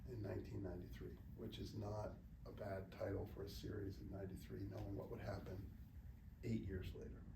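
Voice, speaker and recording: A middle-aged American man tells lively anecdotes to a small student group and acts out the people he quotes. His voice is mellow with a gravelly rasp. The recording comes from a distant mic in a roomy space, with faint background noise. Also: fairly low pitch. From United States. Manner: animated anecdotal storytelling with acted quotes. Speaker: guest speaker, journalist. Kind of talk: storytelling talk to students.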